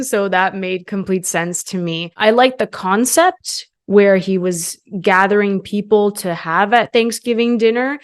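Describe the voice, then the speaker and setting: A young woman hosting her own channel, giving a chatty and enthusiastic movie review with many casual fillers. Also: mid-range voice. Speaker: film reviewer, channel host.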